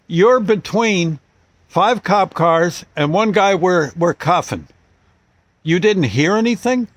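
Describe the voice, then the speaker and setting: Give me a man playing an anxious, pleading police officer, pitched up a bit. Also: animated, takes it slowly, dry recording. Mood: urgent, concerned. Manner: urgent, raised pleading voice. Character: urgent, concerned male police officer.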